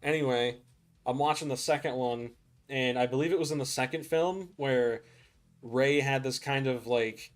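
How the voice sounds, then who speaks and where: Young man rambling casually while gaming. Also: mid-range voice. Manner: rambling, laughs often, says "dude" a lot. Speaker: gaming streamer. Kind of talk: casual gameplay chat.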